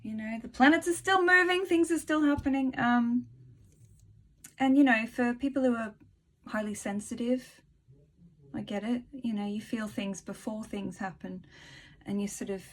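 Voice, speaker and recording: A woman talking casually in a spiritual vlog, soft-spoken and rambling, laughing often and reading a short piece aloud. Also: a little high, normal speed. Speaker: spiritual vlogger.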